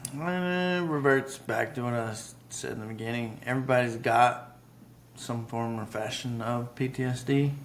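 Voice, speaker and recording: A man speaks as a guest on a casual podcast, in a measured and thoughtful way, pausing to clear his throat. His voice sits in an ordinary middle range. Faint background noise runs under him. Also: mid-range voice. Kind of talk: casual chat.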